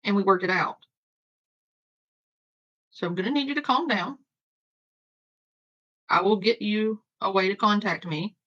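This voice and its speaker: A woman hosts a live stream and talks calmly with her callers, steady and reassuring, though she swears now and then. Her voice sits at an ordinary middle pitch. The stream audio sounds dull and lo-fi. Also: a little slow, pauses often.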